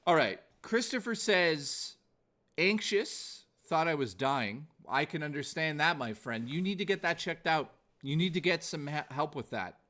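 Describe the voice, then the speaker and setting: A man's voice: a little high, animated, measured pace, pushed and bright. A man hosting a live stream, talking earnestly and motivationally to his viewers, cursing freely and losing his voice. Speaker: streamer host. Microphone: desk mic.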